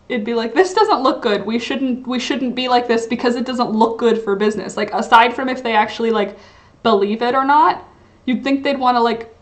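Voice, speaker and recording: A young woman hosting a casual livestream, chatting and reading chat comments, rambling with lots of "like" and "um". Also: fairly high pitch. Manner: rambling, filler-heavy, frequent "like" and "um".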